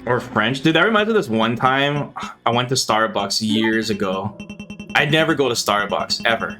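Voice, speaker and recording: Male streamer, mid-pitched and ordinary, rambling and profane, talking to chat over faint game music. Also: animated, moderate pace. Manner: rambling, swears freely, talks to his viewers. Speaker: gaming streamer. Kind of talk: casual chat while playing a game.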